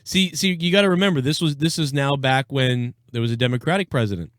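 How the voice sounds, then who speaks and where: A young man runs a casual live stream reacting to politics, speaking at a quick pace in a medium-pitched, slightly bright voice. He's bluntly sarcastic with lots of swearing, and the studio sound is clean, with no room sound.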